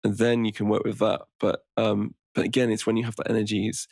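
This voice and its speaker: A man with a lowish, gravelly voice chats as a podcast guest. He talks in an easygoing, rambling way, restarting his sentences often. The recording is dry and close. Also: flat delivery, fast talker, a little mellow, no room sound. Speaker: podcast guest, meditation teacher. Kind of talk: casual conversation.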